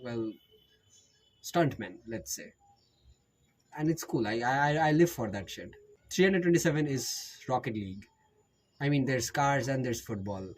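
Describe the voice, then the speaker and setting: A man's voice: mid-range voice, expressive, a little slow, long pauses, poor audio. A man with an Indian accent, rambling jokily through casual recommendations as a YouTuber and often correcting himself. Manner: rambling, jokey, self-correcting.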